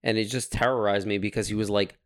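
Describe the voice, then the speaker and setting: A man's voice: on the low side, steady tone, fast talker, dry recording, studio quality. A young man co-hosting a podcast, talking in a rambling way with lots of fillers and crude jokes. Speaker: podcast co-host. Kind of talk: casual chat.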